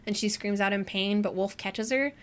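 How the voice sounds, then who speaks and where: A woman co-hosting a casual book club podcast, retelling scenes in an animated way and acting out the characters' lines. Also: medium pitch, moderate pace. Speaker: podcast co-host.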